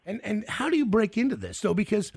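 A man's voice: sits high, lively intonation, quick pace, a little mellow, husky, no echo. A man hosting a radio show, chatting casually with his guest and telling stories with many restarts. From Kansas City. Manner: rambling storyteller with many restarts. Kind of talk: casual interview chat.

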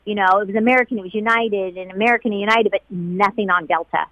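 A woman who was a flight attendant, being interviewed about a painful day. She talks in a halting, emotional way and often repeats herself. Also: medium pitch, fairly bright tone, no room sound. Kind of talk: emotional personal recollection. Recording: dull lo-fi sound.

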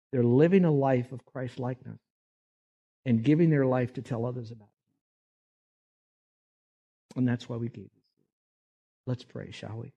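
Guy preaching, earnest and chatty, gets loud and high when stressing a point. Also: lo-fi sound. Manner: earnest, conversational, rises emphatically. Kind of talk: sermon.

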